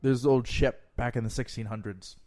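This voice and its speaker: A man, a guest in a casual chat, telling jokes in a relaxed, playful way. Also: medium pitch, fairly quick.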